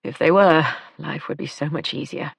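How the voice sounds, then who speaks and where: A woman reading a tired, injured man who talks softly and apologetically in an audiobook. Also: sits low, normal speed, vocal fry, slightly rough, no room sound, full character voice. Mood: weary.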